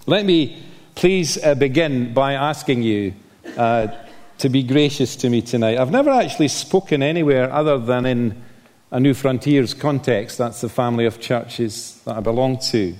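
An older Scottish man preaches from the front of a church, his voice carrying with a long hall reverb. He speaks at a middle pitch, warm and self-deprecating, with plenty of "uh" fillers. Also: normal speed. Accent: Scottish, softened by years in England. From Scotland. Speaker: visiting preacher. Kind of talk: sermon.

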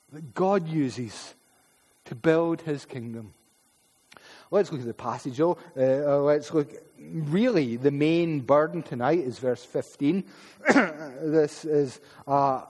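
High-voiced Scottish preacher in a reverberant hall. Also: male voice, warm tone, breathy edge. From Paisley, Scotland. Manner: emphatic, with frequent word repeats and asides. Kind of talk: sermon.

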